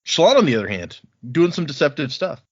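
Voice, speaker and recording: A husky-voiced male podcast co-host chats casually in a book-club discussion, retelling a story's scenes and tossing in quick offhand quotes from its characters. He laughs easily, and his voice is a little high with big pitch swings. The recording sounds dull and lo-fi.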